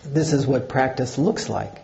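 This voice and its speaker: Older Zen teacher, dark mellow voice, unhurried and halting delivery. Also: male voice, medium pitch, creaky, dull audio. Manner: slow, halting, with many fillers. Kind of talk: dharma talk.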